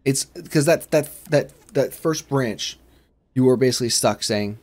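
A man of middle pitch commentates his way through a horror game. He rambles from one thought to the next and breaks into sudden shouts when something jumps out at him. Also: a little slow. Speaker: gaming channel host.

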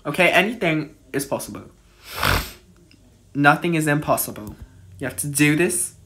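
This horror-game let's-play comes from someone with a medium-pitched, expressive voice, a touch bright, at a moderate pace. The player sounds jumpy, cries out when scared, and whispers through the tense stretches.

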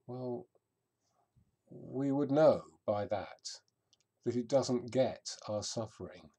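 A man giving a reflective sermon as a vicar, with pauses and occasional fillers. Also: mid-range voice, warm tone.

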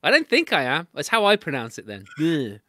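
Playful English man with a lively voice. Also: fairly high pitch, fast talker. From England. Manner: playful, teasing. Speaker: host. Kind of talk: casual video call interview. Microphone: video call.

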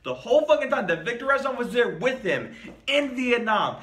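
A man rambles through a casual game review, swearing freely and circling back on himself. His voice sits high and sounds bright and sharp. The room around him is echoey. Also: very animated, normal speed. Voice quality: profane, rambling.

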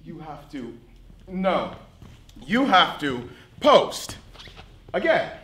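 A man's voice: fairly high pitch, sing-song, extremely slow, sharp tone, heavily acted. An actor playing an evasive male moderator in a live stage play, wheedling and nervously insistent. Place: theatre stage. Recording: roomy theatre stage, faint noise.

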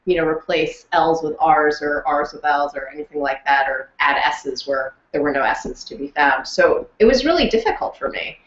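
A woman chats through an interview with lively, rambling energy and frequent laughs. Her voice sits a little low for a woman. The sound is roomy and a bit dull and lo-fi. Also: normal speed, few pauses. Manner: chatty, animated, laughs often, many fillers. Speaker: interview guest, audiobook narrator and actress. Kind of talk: casual interview chat.

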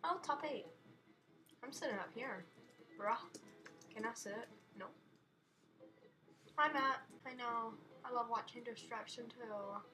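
Slow, bright-voiced woman gamer. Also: fairly high pitch, slight background noise. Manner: chatty, giggly, playfully dramatic. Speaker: gaming video host. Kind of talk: casual let's-play commentary. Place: her bedroom.

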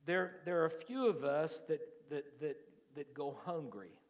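A male pastor preaching a sermon. His volume swings from hushed asides to loud, emphatic lines, and he often repeats and restarts his words. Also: fairly high pitch, a little slow. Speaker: lead pastor. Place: church sanctuary. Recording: long hall reverb.

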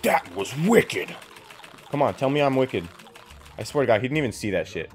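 A man's voice: mid-range voice, lively intonation, fast talker, darkish tone, a little hiss or hum. A man streaming a video game, talking in a rambling, profane way full of fillers as he plays. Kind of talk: casual gameplay commentary. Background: faint game music.

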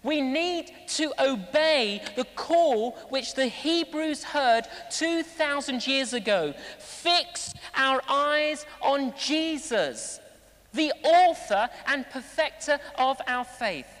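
High-voiced guy preaching, lively storyteller, big hall with long echo. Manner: animated storytelling, acting out voices and jokes. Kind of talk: sermon. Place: large hall at a live celebration.

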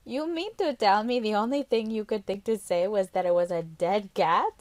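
A woman's voice: mid-range voice, normal speed, a little mellow, no echo, lightly acted. A woman voicing a teasing, motherly middle-aged female nurse in an audiobook, scolding lightly. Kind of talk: audiobook character voice.

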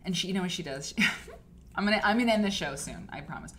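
A woman's voice: on the low side, expressive, fast. Gushing chatty woman hosting a live stream. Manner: rambling with many fillers and restarts. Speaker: host of a live quilting stream. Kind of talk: casual live-stream chat. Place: home studio. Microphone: desk mic for a live stream.

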